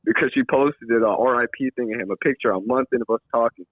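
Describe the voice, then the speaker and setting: Young dude on a phone call, sheepish and slangy, sounds tinny like a phone. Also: male voice, medium pitch, quick pace, dry recording. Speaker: caller. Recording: tinny phone line, dry.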